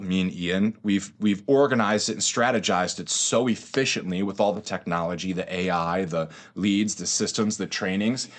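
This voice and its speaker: A man in his twenties, a podcast guest, telling his story in casual slang, swearing and saying bro often. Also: fairly low pitch. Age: 20s. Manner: slangy and profane, says bro a lot.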